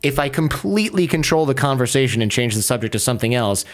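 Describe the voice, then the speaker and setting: A man guesting on a podcast, recounting a tense story in a loose, conversational way. His voice sits at a middle pitch, and he piles on fillers and quick restarts as he goes, with an animated, storytelling energy. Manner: fast-talking, many fillers and restarts, animated retelling. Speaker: podcaster and lawyer, interview guest. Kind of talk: casual storytelling in a podcast interview.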